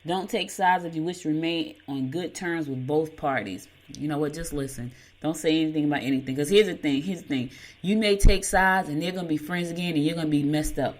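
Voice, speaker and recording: Chatty woman, low-voiced host. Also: a little mellow. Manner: chatty storyteller, laughs at herself, folksy. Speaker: morning show host. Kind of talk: casual chat and horoscope reading.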